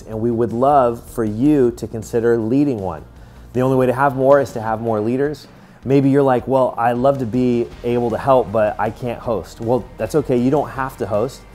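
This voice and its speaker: A man's voice: lowish voice, darkish tone. A man leading a church's announcements in an upbeat, encouraging way before introducing a guest preacher. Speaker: church leader giving announcements.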